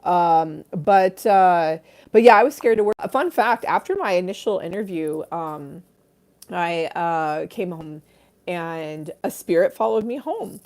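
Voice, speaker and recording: A middle-aged woman chats through ghost stories on a livestream, her voice sitting a little low for a woman. She talks casually and laughs often, slipping into other people's voices as she retells what they said. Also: animated, a little slow, darkish tone. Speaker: livestream host.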